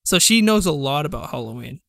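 A man with a fairly high, bright, forceful voice cuts into a casual podcast chat with short, wry remarks. His voice comes through close to the mic in a dry room with no echo. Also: very animated, gravelly. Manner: quick wry interjections. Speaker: podcast co-host. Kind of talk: casual movie review chat.

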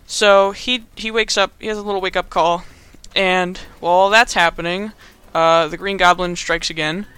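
A man's voice: high-pitched, steady tone, normal speed, sharp tone, clear, resonant tone. A young man casually recapping a movie as a podcast host, rambling with lots of fillers and frequent laughs.

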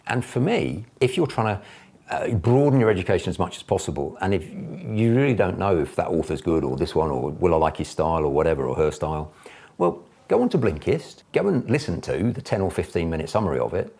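A man's voice: deep voice, big pitch swings, fairly quick, creaky, darkish tone, slightly rough. A man, a business mentor, giving chatty, enthusiastic advice to camera. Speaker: property investor and business mentor.

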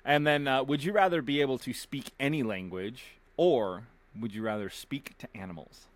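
A man hosting a podcast, chatting in a playful, animated way and laughing often. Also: medium pitch, normal speed, no echo. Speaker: podcast host. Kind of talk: casual conversation.

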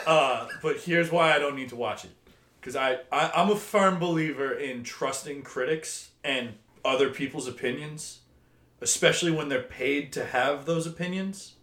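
A man's voice: a little high, a little slow, a bit bright. A man co-hosting a podcast in casual chat, blunt and dismissive, swearing freely. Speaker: podcast co-host. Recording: echoey room.

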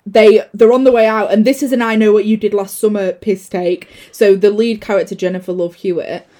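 A woman co-hosting a casual podcast, talking about films and laughing often. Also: brisk. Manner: animated, laughs often, acts out lines in shrill voices. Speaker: podcast co-host. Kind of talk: casual film chat.

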